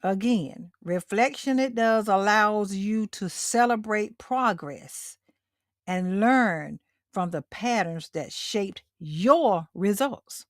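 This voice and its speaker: A woman's voice: mid-range voice, animated, slow, dry recording, studio quality. A middle-aged woman hosting a motivational livestream talk, speaking directly to her listeners and repeating her key lines for emphasis. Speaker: host.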